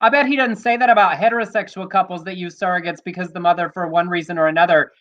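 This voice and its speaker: A man co-hosting a casual live-streamed talk show, quick and wry, who reads out viewer questions. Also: high-pitched, fairly even intonation, fairly bright tone. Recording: dull lo-fi audio.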